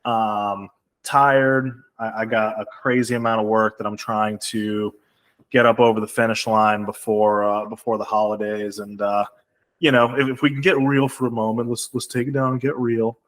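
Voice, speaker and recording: A man's voice: on the low side, flat delivery, normal speed, a bit bright. A man co-hosting a casual podcast, talking in a laid-back, rambling way with lots of fillers and some cursing. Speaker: podcast co-host.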